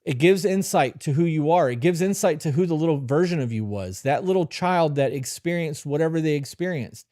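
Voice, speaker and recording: A man's voice: a little high, lively intonation, brisk, hardly any pauses, warm tone, no room sound, clean studio sound. A man hosting a live stream, giving blunt, profane relationship advice and answering chat questions directly. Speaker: host.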